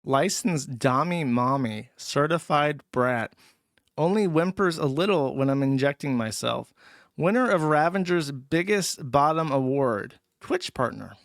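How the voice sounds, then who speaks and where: Brief: male livestream host, bright and somewhat high-pitched, profane and mocking, reads chat messages, dry close mic. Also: lively intonation, unhurried, vocal fry, dry recording. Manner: profane, sneering, blunt. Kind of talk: crude mocking livestream commentary.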